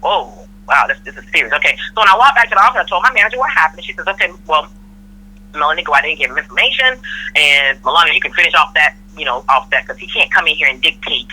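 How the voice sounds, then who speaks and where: A woman's voice: sits low, expressive, fast talker, bright, forceful tone, husky, low-quality recording. A middle-aged woman from Florida telling a work story in casual chat, acting out the people she quotes. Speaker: podcast guest, mother of host.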